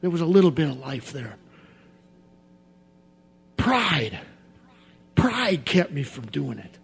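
A man with a high voice preaches a sermon in an emphatic, repetitive cadence. He drops to quiet confession, then rises to shouted outbursts. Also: very animated, slow, vocal fry, breathy edge.

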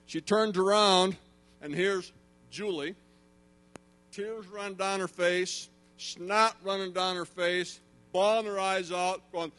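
A middle-aged man preaches a sermon in a high voice. He tells stories with animation and swells into emphatic preaching. A low electrical hum runs under the recording. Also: fairly even intonation, slow, fairly bright tone, clear, resonant tone. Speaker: pastor.

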